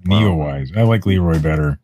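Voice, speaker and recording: A low, husky male voice with lively pitch swings, answering in dry, deadpan quips. The recording is dry and close. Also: normal speed, no room sound. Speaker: podcast co-host. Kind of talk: casual chat.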